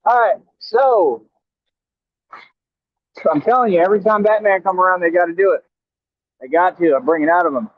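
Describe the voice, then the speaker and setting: A man taunting a rival while riding a scooter outdoors, his voice high for a man and prone to stammering restarts. The sound is thin and phone-like, and close and dry. It is a cocky, trash-talking vlog. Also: normal speed, long pauses, dry recording. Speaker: vlogger.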